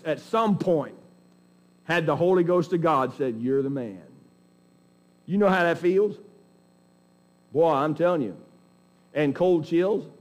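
A man preaching from the pulpit in a folksy, emphatic style. His voice sits a little high for a man, and he often breaks off and restarts his sentences as he presses his point. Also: darkish tone. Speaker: pastor. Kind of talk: sermon.

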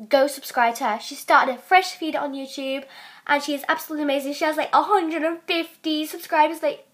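Woman, English accent, high voice, giggly, chatty, casual vlog host. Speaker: channel host. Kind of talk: casual chat with a friend.

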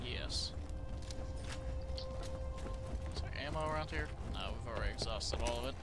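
A man chatting in an animated way with friends while playing a co-op video game, laughing often. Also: mid-range voice, unhurried, over music. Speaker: co-op game player. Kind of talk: casual gaming chat.

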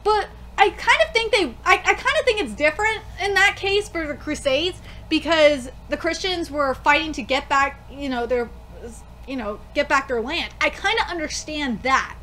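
A young woman reacting live to a manga, excitable and swearing freely, often breaking into shrieks. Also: high voice, normal speed, a little hiss or hum.

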